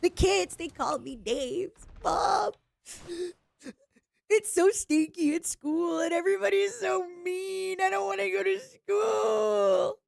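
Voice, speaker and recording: A woman's voice: very high voice, slow, creaky, dry recording, pitched above the performer's own voice, full character voice. Woman doing a sobbing, whiny grown man-child. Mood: whining. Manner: sobbing, pleading whine.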